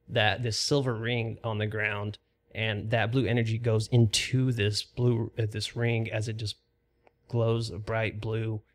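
A man narrating a tabletop game as game master, describing scenes steadily with frequent fillers. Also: fairly low pitch.

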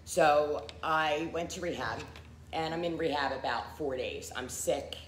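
Low-voiced woman sharing testimony. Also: a little slow, roomy sound, slight background noise. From Philadelphia area. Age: middle-aged. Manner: candid, frequent fillers, acts out quoted people. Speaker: recovery testimony speaker. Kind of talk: personal testimony.

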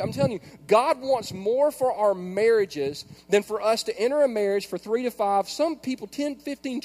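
A male pastor preaching a sermon in a church, moving between soft prayer and loud, animated storytelling. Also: high voice, in a large hall. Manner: animated storytelling, swings from hushed prayer to shouting. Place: large church hall.

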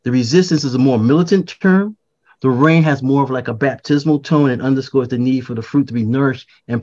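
An older man explains poetry in an unhurried, reflective manner, looping back on words as he thinks. His voice sits in a middle register. The recording sounds slightly muffled and lo-fi. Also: mid-range voice, darkish tone. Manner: reflective, repeats words, frequent fillers and restarts. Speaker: poet, podcast guest. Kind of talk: conversational explanation.

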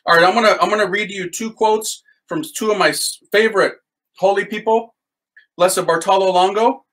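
A man teaching a Catholic devotional series with excited commentary on quotes, then leading a litany prayer. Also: sits high, normal speed, low-quality recording. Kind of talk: enthusiastic spiritual teaching and prayer.

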